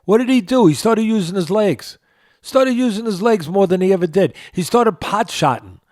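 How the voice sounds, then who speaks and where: Older man, New York accent, boxing podcast host, emphatic, repeats himself, fairly high voice, dry close sound. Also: animated, normal speed, darkish tone, no echo. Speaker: boxing trainer and show host. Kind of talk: boxing analysis podcast talk.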